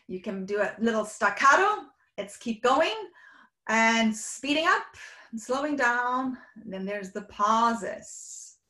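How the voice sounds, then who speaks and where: A woman from Sweden and Germany, a communication coach, talking quickly and at length in an online workshop and playing with her voice. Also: medium pitch, bright, forceful tone, reverberant. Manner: fast and talkative, playfully demonstrates vocal variety. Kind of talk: energetic online workshop talk. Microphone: video call.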